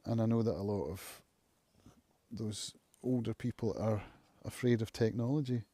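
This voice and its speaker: A man hosting his own live stream from home, thinking aloud in a reflective, musing way with frequent pauses. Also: lowish voice, mellow. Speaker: channel host, recovering alcoholic. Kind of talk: casual live-stream monologue.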